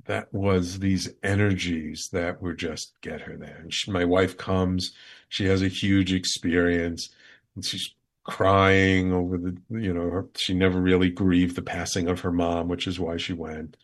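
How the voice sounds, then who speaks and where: A man's voice: sits low, little pitch movement, unhurried. A man hosting a show, earnestly telling a heartfelt personal story with repeated emphasis. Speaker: show host.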